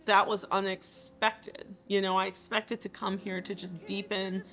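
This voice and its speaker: A woman's voice: medium pitch, flat delivery, a little slow. A woman composer and theater maker talking about her work in a thoughtful, earnest way. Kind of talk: reflective interview talk.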